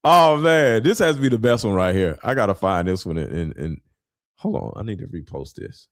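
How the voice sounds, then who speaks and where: A man doing casual, blunt reaction commentary as a streamer, full of slang and loud laughing outbursts. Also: lowish voice, animated, normal speed, no room sound, studio quality.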